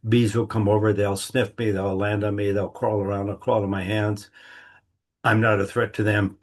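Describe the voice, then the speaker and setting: Husky-voiced man musing in folksy talk. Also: fairly low pitch, level tone, normal speed. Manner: folksy, rambling, acts out little inner dialogues. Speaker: host giving a monthly talk. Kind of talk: casual reflective monologue.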